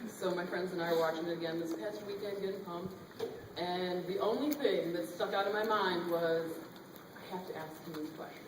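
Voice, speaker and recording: A woman's voice: lowish voice, fairly quick. A woman in the audience asking a teasing fan question at a convention panel. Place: convention hall. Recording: echoey hall, distant, noisy.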